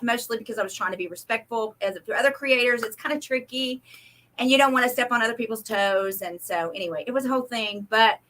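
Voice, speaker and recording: A woman with an Oklahoma and Texas accent hosting a live-stream, chatting quickly and casually with viewers. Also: fairly high pitch, fairly bright tone. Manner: fast-talking, chatty. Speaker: host.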